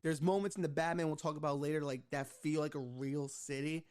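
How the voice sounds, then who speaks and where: Male podcast guest, slightly raised pitch, relaxed and agreeable. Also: fairly quick. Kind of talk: casual movie review chat.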